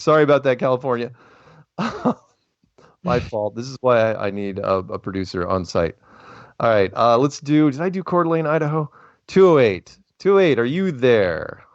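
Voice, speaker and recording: Guy hosting a call-in show, rambly and animated, keeps restarting, dry muffled sound. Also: medium pitch, a little fast, no echo. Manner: rambling, animated, self-interrupting. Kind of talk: casual call-in chat. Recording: dull, lo-fi phone-style sound.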